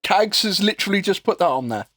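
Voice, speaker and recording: A man's voice: high-pitched, sing-song, quick pace, pushed and bright, no room sound, studio quality. A man streaming a game, chatting in a rambling way and swearing casually while he has the hiccups. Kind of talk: casual livestream chat while gaming.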